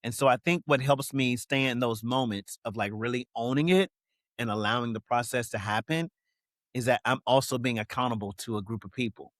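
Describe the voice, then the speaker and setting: A man's voice: medium pitch, a little fast, fairly bright tone, no room sound. Reflective man talking, dry close sound. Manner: reflective, with frequent "you know what I mean" fillers. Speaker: guest. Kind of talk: candid interview talk.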